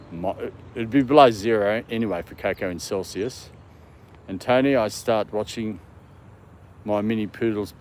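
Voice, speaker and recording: A man's voice: fairly low pitch, a little mellow, a little hiss or hum. Chatty Australian man at a dog park. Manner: chatty, reads out and answers viewer comments, talks to his dog. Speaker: livestream host. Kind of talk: casual livestream chat.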